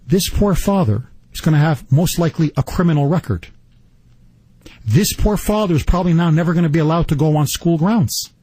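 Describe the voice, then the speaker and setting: A man hosting a talk radio show, delivering an indignant, rapid-fire political monologue. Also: fairly high pitch, lively intonation, mellow, slightly rough, no echo.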